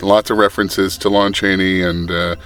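Deep-voiced male producer, casual podcast chat, halting with lots of fillers, faint music underneath. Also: little pitch movement, fairly bright tone. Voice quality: halting, many fillers and restarts. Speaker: audiobook producer.

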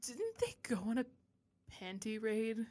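A woman's voice: fairly high pitch, sing-song, measured pace, warm tone. A woman co-hosting a podcast in casual chat, playful and emphatic, often laughing. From United States. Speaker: podcast co-host.

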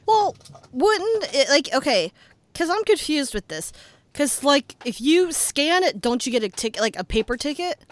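A woman's voice: high-pitched, big pitch swings, moderate pace. A woman co-hosting a podcast who chats casually, jokes and asks questions. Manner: joking, chatty, asks questions. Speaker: podcast co-host. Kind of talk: casual chat.

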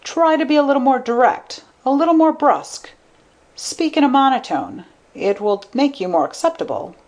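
A woman voicing a shrewd, thoughtful man who speaks in a calm, measured way. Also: high voice, pitched above the performer's own voice.

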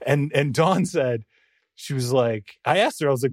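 A man co-hosting a sports podcast, telling a story in lively casual chat and laughing often. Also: medium pitch, moderate pace, no room sound, studio quality. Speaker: podcast co-host, NFL writer.

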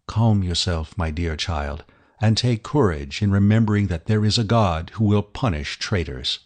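Man voicing a solemn nobleman, low, soft, measured, storybook reading. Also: lightly acted. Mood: soothing. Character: calm, grave nobleman, the Count, man.

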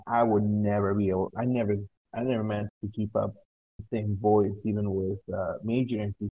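Halting young man on a tinny line. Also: lowish voice, level tone. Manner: hesitant, halting with restarts. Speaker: tabletop game master. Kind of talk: casual podcast chat.

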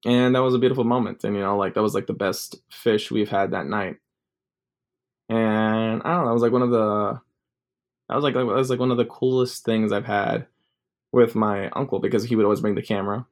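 A man's voice: lowish voice, fairly even intonation, fairly quick. A young man telling a personal story in a casual, rambling way, full of filler words. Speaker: vlogger.

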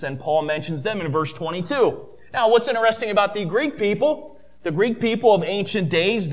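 High-voiced animated male preacher. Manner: animated, rising emphasis and slow drawn-out stresses; acts out quoted skeptics in an incredulous tone. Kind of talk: sermon.

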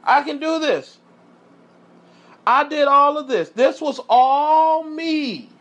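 A man's voice: high voice, a little fast, fairly bright tone, highs cut off. A man preacher voicing a boastful, arrogant ancient king with a grandiose, proclaiming delivery.

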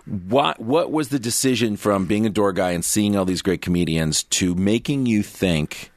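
A man's voice: on the low side, moderate pace, no room sound, studio quality. A man interviewing a guest in casual chat, earnest and often restarting and repeating words as he frames his questions. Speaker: podcast interviewer.

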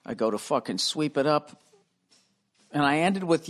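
A middle-aged man hosting a podcast from his home, rambling loudly and profanely and losing his train of thought. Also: fairly high pitch, expressive, moderate pace. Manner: profane, loud, easily sidetracked. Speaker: podcast host. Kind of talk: rambling comedic monologue. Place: room at home.

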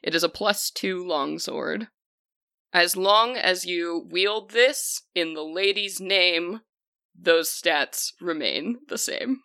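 A woman narrating a tabletop game as game master, describing scenes in a slow, hushed storytelling manner. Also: lowish voice, dry recording.

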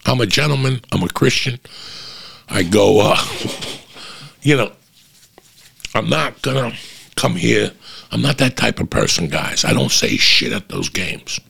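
A middle-aged comedian with a low, gravelly, husky voice. He tells a profane stand-up story, swearing constantly and building into loud, animated rants. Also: unhurried, long pauses.

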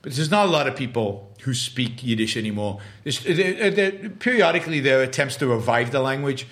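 A man hosting a live show, reading out viewer questions and answering them off the cuff. He is emphatic but halting, repeating and restarting words. His voice sits in an ordinary middle pitch. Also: animated, fairly bright tone. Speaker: host.

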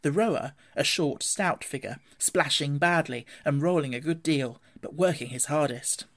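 A reader narrating a classic storybook in a measured, even way. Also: mid-range voice. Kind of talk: storybook reading.

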